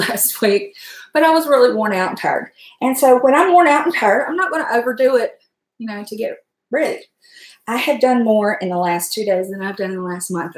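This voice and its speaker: Middle-aged lady rambling while she cooks, kinda high voice, roomy kitchen echo. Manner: chatty, rambling, talks to viewers by name. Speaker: cooking vlogger. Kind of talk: casual chat while cooking. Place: home kitchen.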